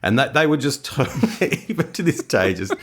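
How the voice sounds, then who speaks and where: A man's voice: medium pitch, big pitch swings, brisk, a bit bright. A man co-hosting a podcast, telling stories in casual chat and laughing often. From Australia. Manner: chatty, storytelling, laughs often. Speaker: podcast co-host.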